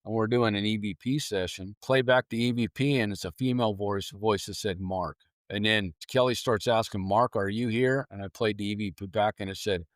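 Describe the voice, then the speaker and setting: Animated storytelling man, dry sound. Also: lowish voice, moderate pace, no room sound. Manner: animated storyteller, acts out his own reactions. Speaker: paranormal investigator guest. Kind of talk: casual storytelling on a podcast.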